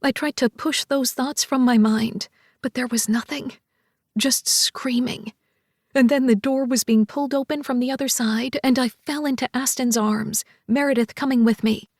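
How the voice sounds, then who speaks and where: Bright-voiced female audiobook narrator. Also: high-pitched, moderate pace, no echo, clean studio sound. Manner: expressive, voices characters. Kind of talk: first-person scripted narration.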